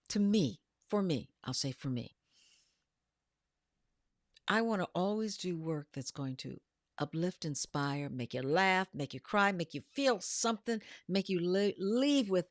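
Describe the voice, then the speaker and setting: A woman with a lowish voice co-hosts a relaxed panel conversation. She tells stories with energy and acts out the lines of the people in them. Her voice sounds dry and close, with no room echo. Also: a little slow. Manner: animated storyteller who acts out quotes. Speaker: podcast co-host. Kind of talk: casual panel chat.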